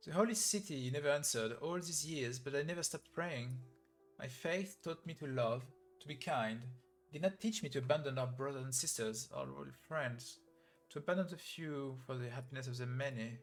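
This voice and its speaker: A man voicing a weary, sorrowful old male abbot from a video game story, read slowly and heavily. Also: mid-range voice, soft background music, close to an everyday voice. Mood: grave.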